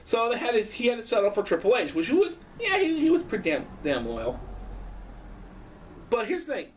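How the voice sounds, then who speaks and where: A man doing a rambling casual vlog at home, excitable and profane, laughing often. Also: very high-pitched, fairly quick, distant mic, slight background noise. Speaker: vlogger.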